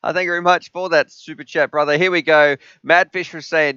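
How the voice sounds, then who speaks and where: A man's voice: on the high side, brisk, hardly any pauses, sharp tone, smooth, no echo, highs cut off. A man hosting a casual live stream, joking and bantering with chat.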